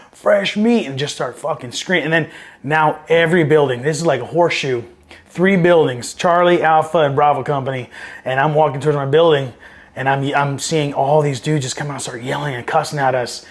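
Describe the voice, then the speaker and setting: Profane, rambling male Marine veteran. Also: a little high. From Southern California. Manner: profane, rambling, animated when quoting others. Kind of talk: casual storytelling interview.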